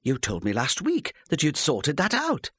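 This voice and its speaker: A man voicing an anxious fifty-year-old wife who speaks softly and tentatively. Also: a little high, wildly swooping pitch, a little slow, husky, no room sound, clean studio sound, pitched above the performer's own voice, full character voice. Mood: pleading. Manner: soft, tentative, pleading.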